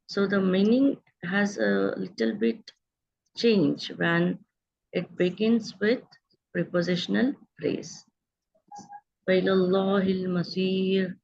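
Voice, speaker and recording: Gravelly-voiced woman teaching grammar. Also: mid-range voice, darkish tone, highs cut off. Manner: patient, explanatory, checks in with students. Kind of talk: online grammar lesson.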